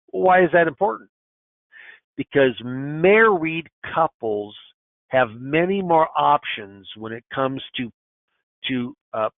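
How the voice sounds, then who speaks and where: Over a tinny, phone-like line with a dry sound, a man in his sixties presents a webinar as a financial advisor. His mid-range voice is emphatic and folksy, and he often restarts and repeats phrases.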